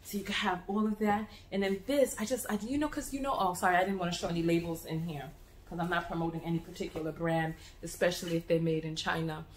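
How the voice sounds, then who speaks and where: An American woman talking to camera in a casual travel vlog, an animated storyteller who restarts and repeats words as she goes. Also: on the low side, quick pace, roomy sound, slight background noise. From United States. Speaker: travel vlogger.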